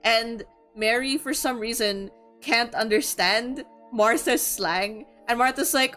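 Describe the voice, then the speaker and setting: A young woman from the Philippines talks casually about a novel, full of fillers and quick laughs. Her voice sits a little high, and soft music plays faintly underneath. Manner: chatty, laughing, filler-heavy. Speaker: streamer. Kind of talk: casual book discussion.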